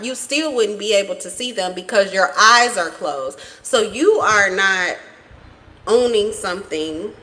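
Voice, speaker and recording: A woman's voice: mid-range voice, a bit bright. A woman giving a casual tarot reading for her vlog, blunt and profane, rambling as she talks. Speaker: tarot reader.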